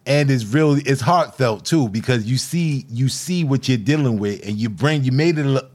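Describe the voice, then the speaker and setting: A man's voice: medium pitch, expressive, normal speed, darkish tone. A man hosting a spoken word show, chatting casually and encouragingly, laughing a lot and saying "man" often. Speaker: host.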